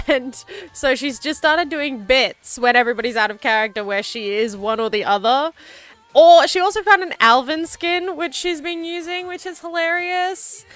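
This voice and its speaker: A young woman chats to her stream in a rambling, giggly way, full of fillers. Her voice sits a touch high and comes through smooth and clear. Soft music plays quietly behind her. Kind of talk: casual chat. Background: faint background music.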